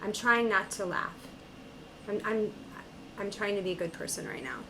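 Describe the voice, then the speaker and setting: A woman's voice: mid-range voice, moderate pace, noisy background. A woman hosting a reaction video, talking back to a clip in a sarcastic, incredulous tone. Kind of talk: casual reaction commentary.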